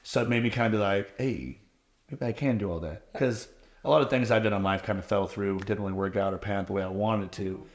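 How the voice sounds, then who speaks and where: A man's voice: fairly low pitch, a little fast. Candid thirties man in an echoey room. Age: 30s. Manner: candid, animated, acts out quoted voices. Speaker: interviewed contestant. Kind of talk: casual interview chat.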